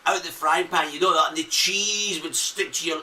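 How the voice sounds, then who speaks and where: A man's voice: fairly high pitch, moderate pace. A middle-aged British man co-hosting a casual talk show, joking and teasing as he tells stories. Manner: joking, lively storyteller, teasing. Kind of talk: casual chat. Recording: distant mic with faint noise.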